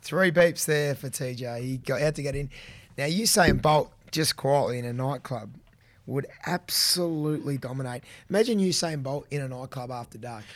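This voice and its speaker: A man's voice: mid-range voice, moderate pace, no echo. An Australian man hosts a running podcast in a casual, teasing chat. His voice sits in the middle of the range and sounds dry and close to the mic. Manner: chatty and teasing. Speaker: podcast co-host.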